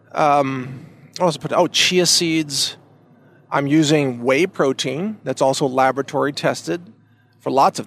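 A man on his own podcast, his voice pitched a little high for a man. He talks in a loose, rambling monologue, doubling back on his words and leaning hard on emphatic points. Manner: rambling, emphatic, many restarts. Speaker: podcast host. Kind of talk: casual monologue.

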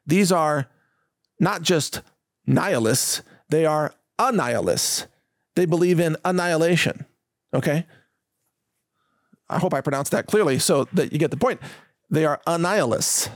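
A man's voice: a little high, expressive, unhurried, long pauses, no echo. Indignant man ranting on a dry mic. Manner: emphatic, indignant, mocking. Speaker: host. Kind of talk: ranting monologue.

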